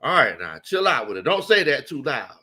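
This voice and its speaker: A man's voice: mid-range voice, very animated, a little fast, pushed and bright, slightly rough. A man hosting a casual sports talk stream, laughing often and greeting viewers by name. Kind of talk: casual live-stream chat.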